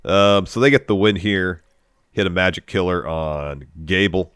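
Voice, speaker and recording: A man with a low, deep voice talks casually as a podcast co-host, recapping events at an easy pace. The sound is dry and close, with no room echo. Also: measured pace, clear, resonant tone. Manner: relaxed, recaps events with quoted lines. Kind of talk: casual chat recapping wrestling.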